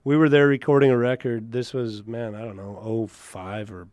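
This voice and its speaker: A man's voice: medium pitch, fairly even intonation, normal speed, a little mellow, dry recording. A man from Canada, a country singer, chatting casually as an interview guest and telling stories. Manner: chatty storyteller, laughs easily.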